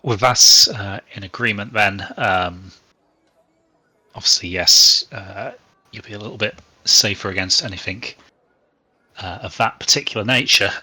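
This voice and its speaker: A man narrating a tabletop game as game master, in a relaxed, rambling way with many fillers. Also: on the low side, measured pace, slightly rough, no echo.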